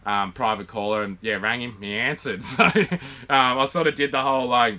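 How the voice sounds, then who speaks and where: A young Australian man casually telling a story, acting out the dialogue with lively, animated quoting. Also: medium pitch, a little fast. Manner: animated retelling with quoted dialogue and laughs. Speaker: vlog co-host.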